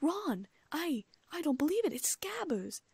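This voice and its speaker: A woman's voice: mid-range voice, expressive, moderate pace, dark tone, slightly rough. A woman voicing an anxious, clever teenage witch near tears in a storybook reading, breathless and whispering. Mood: tearful.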